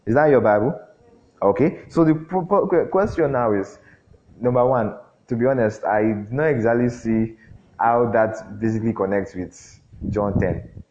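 A man preaching a sermon, often throwing questions at the congregation and filling pauses with "um". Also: lowish voice, a little mellow. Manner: call-and-response questions, frequent fillers. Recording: dull lo-fi recording.

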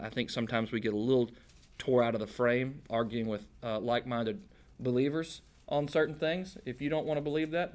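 A male preacher teaching scripture in a relaxed, chatty way. He jokes and drops folksy slang, and his pitch sits mid-range for a man. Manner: casual and joking, with folksy slang. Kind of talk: conversational Bible-teaching sermon.

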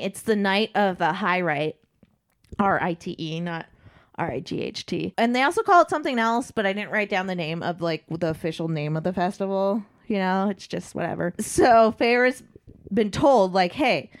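A woman's voice: mid-range voice, animated, moderate pace. A woman co-hosting a podcast, recapping a novel in casual, irreverent chat and swearing freely. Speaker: podcast co-host.

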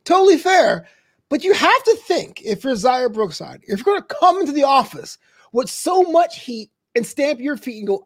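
Podcast co-host with a lively, swooping pitch and a teasing manner. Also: brisk, breathy edge. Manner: teasing, lively, acts out quotes. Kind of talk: casual wrestling chat.

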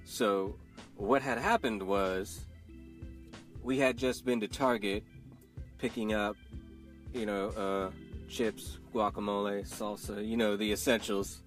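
A man's voice: fairly low pitch, steady tone, slow pace, pauses often. Man, podcast host, casual chat, easygoing, self-deprecating, faint music.

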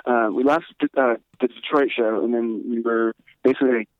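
A man's voice: mid-range voice, steady tone, brisk, dry recording, narrow, tinny audio. A man who is a musician guest on a podcast, telling a story casually in a rambling, profane way full of fillers.

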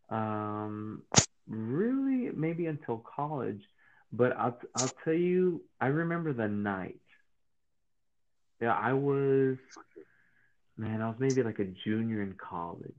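A man telling a personal faith story in a casual interview, animated and full of restarts. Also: fairly low pitch. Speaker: guest. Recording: tinny phone-like line.

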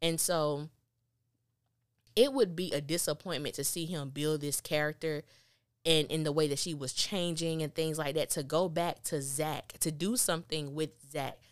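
A woman reviewing a TV episode in casual podcast chat, animated and acting out the characters' lines. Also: sits low, moderate pace, no room sound, studio quality. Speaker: TV recap podcaster.

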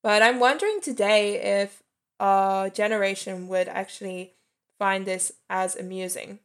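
Woman, 30s, casual movie review, chatty and candid, light laughs, gravelly fry in the voice. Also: medium pitch, fairly even intonation, a little slow. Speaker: film reviewer.

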